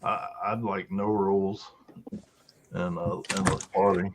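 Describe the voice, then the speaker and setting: A man's voice: low voice, level tone, unhurried, very noisy. A man hosting a casual live-streamed chat, joking and laughing with his guests. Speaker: host.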